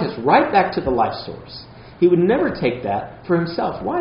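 A man's voice: high voice, huge pitch swings, moderate pace, creaky, hardly any pauses, muffled recording, slight background noise. Earnest man preaching in a roomy hall. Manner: earnest, emphatic preaching with conversational asides. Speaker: pastor. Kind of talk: sermon.

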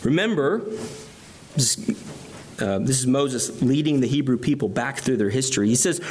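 A man's voice: mid-range voice, expressive, moderate pace, pauses often, a little mellow, husky. A man preaching an expository sermon, reading and explaining scripture passages earnestly.

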